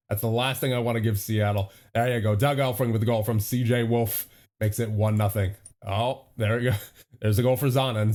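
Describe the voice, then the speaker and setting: Young male gaming host, mid-pitched, nervous and pleading, rattles off hockey scores with frequent laughs. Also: darkish tone. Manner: nervous, pleading, laughs often while recapping games. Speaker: gaming YouTuber. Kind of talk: hockey sim franchise play-by-play.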